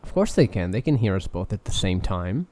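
Lively, teasing young man on a podcast. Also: low-pitched, a little fast. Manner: jokey, teasing, playful. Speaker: podcast co-host. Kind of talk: casual chat.

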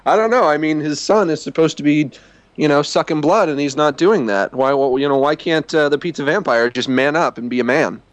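A man's voice: on the high side, a little fast. A man hosting a casual livestream podcast, reading out listener emails with wry sarcasm. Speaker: podcast host.

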